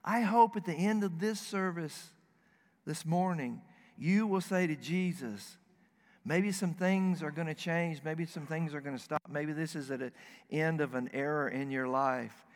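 Guy preaching in a church, kinda high voice, folksy stories, long echo off the hall. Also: unhurried. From Southern United States. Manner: folksy storytelling, earnest. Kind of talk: sermon. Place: church sanctuary.

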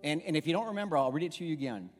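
A middle-aged pastor preaching in an emphatic, conversational, storytelling way, recorded in an echoey church with faint music. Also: male voice, on the high side, animated, very fast. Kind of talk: sermon. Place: church sanctuary.

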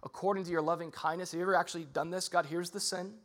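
A young adult man preaching a sermon as a pastor, talking casually and swinging between loud emphasis and soft, earnest passages. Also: high voice, steady tone, very fast.

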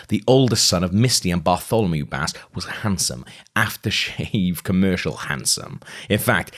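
A man with a low, deep voice reads a novel aloud in a casual, chatty way. He sounds amused and keeps stepping out of the text with his own asides before carrying on. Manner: chatty, amused, breaks off to react. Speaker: reader of a novel.

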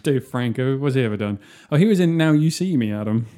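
A man's voice: mid-range voice, animated, fast, dark tone, smooth. A man from England co-hosting a casual podcast chat, joking around and slipping into silly impressions. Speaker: podcast co-host.

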